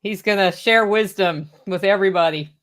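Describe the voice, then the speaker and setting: A woman hosting a relaxed livestream conversation, chatty and quick to laugh. She asks questions and chimes in with short remarks. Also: mid-range voice. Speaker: host.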